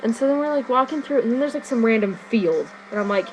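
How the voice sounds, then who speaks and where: A teenage girl vlogging to her webcam, telling a story excitedly and rambling with "like" in nearly every phrase. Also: a little high, quick pace, rough recording. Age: teens. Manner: rambling, fillers, "like" constantly. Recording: music playing behind her.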